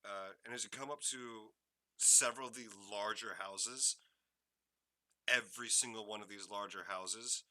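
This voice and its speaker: A man narrating as game master for a tabletop game, relaxed and conversational with many fillers. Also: fairly low pitch, unhurried, no echo.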